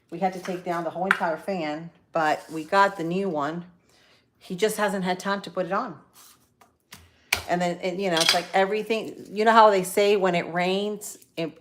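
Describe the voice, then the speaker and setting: A middle-aged woman chatting casually to viewers while cooking in her home kitchen. She rambles with lots of fillers and asides. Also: on the low side. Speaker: cooking vlogger on a live stream.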